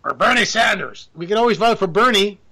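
A man holds forth in a sarcastic, rambling political monologue. His voice sits high and bright, with a sharp edge as he piles on asides and mock disbelief. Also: lively intonation, brisk. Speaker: political commentator. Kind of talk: opinionated monologue.

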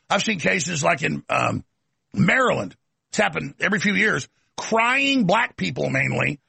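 Gravelly, high-voiced ranting male host. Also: bright, forceful tone, no room sound. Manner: ranting, emphatic, rambling. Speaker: talk show host. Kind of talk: political talk-show monologue.

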